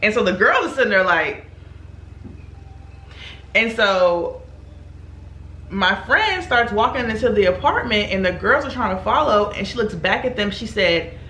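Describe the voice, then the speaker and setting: A young woman spins a long story in a casual, animated way and slips into other people's lines as she tells it. Her voice is bright with a gravelly rasp. The room around her echoes noticeably. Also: medium pitch, unhurried, pauses often. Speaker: beauty vlogger. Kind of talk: casual storytelling while doing makeup.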